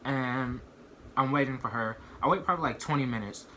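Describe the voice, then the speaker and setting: A man's voice: medium pitch, a little fast, bright, forceful tone, slight background noise. A young man vlogging a casual storytime, rambling and filling his sentences with "like" and "you know what I mean.".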